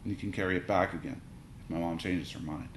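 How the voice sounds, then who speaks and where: A man narrating a children's story aloud in an animated, playful way. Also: low-pitched, fast talker. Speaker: audiobook reader. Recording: roomy reading with faint hiss.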